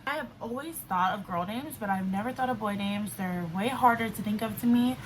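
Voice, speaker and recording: A woman's voice: medium pitch, brisk, poor audio. Chatty young woman vlogger. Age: 20s. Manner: chatty, fills speech with "like". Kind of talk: casual storytelling. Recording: faint background noise, level cutting in and out.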